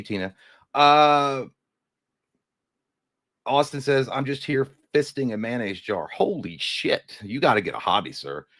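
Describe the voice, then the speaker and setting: A man's voice: medium pitch, fairly bright tone, dry recording, clean studio sound. A man co-hosting a live movie news stream, casually chatting and reading viewer comments, rambling and restarting his sentences, a little hungover. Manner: rambling, trails off and restarts, crude jokes.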